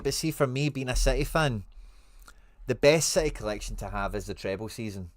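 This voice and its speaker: A man with a Scottish accent and a medium-pitched voice talks a little fast, with no echo, while hosting a relaxed livestream. He reads out comments from viewers and answers in informal, friendly slang.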